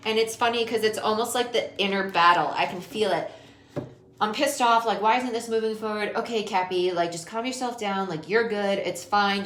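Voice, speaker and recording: In an echoey room with faint noise, a woman with a mid-range, slightly bright voice gives a casual tarot reading, chatting directly to the viewer and laughing often.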